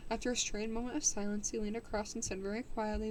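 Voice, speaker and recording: A woman's voice: medium pitch, little pitch movement, fairly quick, hardly any pauses, darkish tone, slight background noise, rough recording. A woman reading a classic novel aloud on a stream, restarting words and breaking off for casual asides. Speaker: reader streaming a book.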